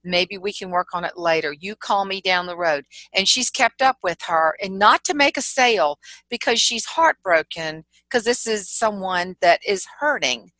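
A middle-aged woman with a Southern accent from South Carolina, a humorist guest telling lively stories in a casual interview and laughing often. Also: medium pitch, moderate pace, dry recording, low-quality recording. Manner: storytelling, animated, laughs often.

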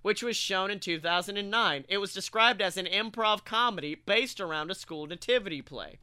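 A high-pitched man with a bright, sharp tone trades jokes on a comedy podcast. He talks in animated bursts, swears freely and laughs through his lines. The sound is close and dry, with no room around it. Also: moderate pace, clean tone, dry recording. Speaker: podcast co-host. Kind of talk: casual comedic banter.

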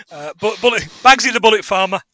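A man co-hosting a film podcast, animated and jokey in casual chat. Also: high voice, no room sound. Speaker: podcast co-host.

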